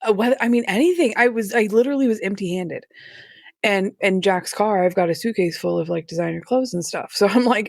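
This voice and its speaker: A woman telling her own story as a podcast guest, candid and halting, with nervous laughs. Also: mid-range voice, creaky, no room sound, studio quality. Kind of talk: personal story in a podcast interview.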